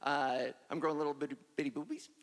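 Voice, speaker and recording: A woman's voice: low-pitched, fairly even intonation, fast talker. A trans woman doing stand-up on stage, self-deprecating and punchy, in front of a live audience. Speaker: stand-up comedian. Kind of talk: stand-up comedy set. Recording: echoey hall with crowd and ambience.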